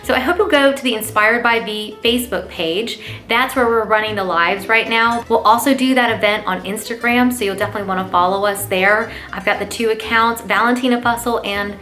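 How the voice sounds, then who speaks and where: A woman hosting a lifestyle gift-guide vlog, gushing with enthusiasm and chatting warmly to her viewers. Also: on the high side, fairly quick, hardly any pauses, soft background music. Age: adult parent. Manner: gushing and enthusiastic, lots of "oh my gosh"; warm, talks straight to viewers as "you guys". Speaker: lifestyle channel host.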